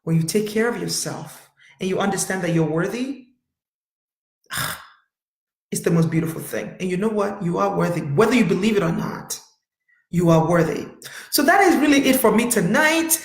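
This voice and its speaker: A woman's voice: mid-range voice, expressive, normal speed, long pauses. A middle-aged woman therapist hosting a live-streamed motivational talk, speaking emphatically and repeating herself as she addresses viewers directly. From United States. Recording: echoey room.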